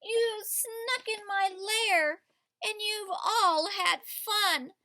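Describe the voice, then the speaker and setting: A sulky storybook bear, just woken and grumbling about missing his sleep, read aloud by a woman. He complains slowly in a high, bright voice. Each word is drawn out. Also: fairly even intonation, no echo, heavily acted.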